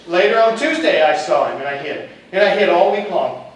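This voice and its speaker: High-voiced coach in an echoey hall. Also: male voice, expressive, brisk. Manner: candid, humorous storytelling. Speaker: football coach and teacher. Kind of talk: personal testimony talk. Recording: echoey hall, distant mic.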